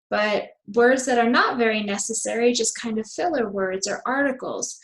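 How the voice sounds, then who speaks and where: A woman's voice: on the high side, poor audio. A woman teaching English vocabulary and intonation, modelling example sentences with exaggerated emphasis. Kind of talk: slow, clearly enunciated vocabulary lesson.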